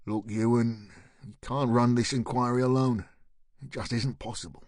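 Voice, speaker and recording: A man voicing a weary older male police chief who speaks low and pleading. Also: steady tone, normal speed, darkish tone, no echo, clean studio sound, lightly acted.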